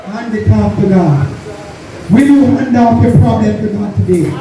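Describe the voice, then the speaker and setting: A man's voice: high-pitched, moderate pace, dark tone. A man with a Jamaican accent preaching a sermon, repeating calls to his listeners and slipping into patois. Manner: exhorting, repeats calls to respond, slips into patois. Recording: echoey hall, mic far off. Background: music under the preaching.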